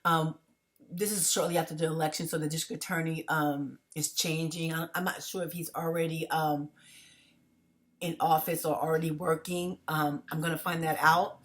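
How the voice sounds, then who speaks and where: Stressed, rambling woman, low voice. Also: little pitch movement. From United States. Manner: rambling, halting, many fillers and restarts. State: stressed, agitated. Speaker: vlogger. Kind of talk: emotional personal vlog.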